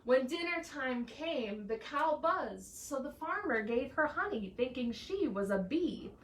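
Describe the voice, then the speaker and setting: A high-voiced woman reads a children's story with lively, swooping intonation and an unhurried pace. She sounds playful and animated, picked up from some distance in an echoey room with faint background noise. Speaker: church staff member reading to children. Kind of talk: children's story read-aloud.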